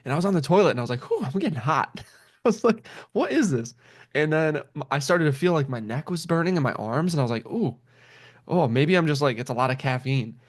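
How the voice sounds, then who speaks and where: A young man with a fairly high voice tells a rambling story in a casual chat. He's animated and keeps acting out what people said, swearing freely and breaking into laughs. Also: fast talker. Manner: animated, acts out quotes, swears and laughs often.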